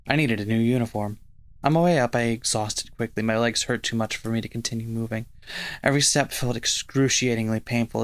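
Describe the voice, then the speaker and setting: A man hosting a let's play, reading visual novel narration aloud in a steady first-person voice. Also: lowish voice, gravelly.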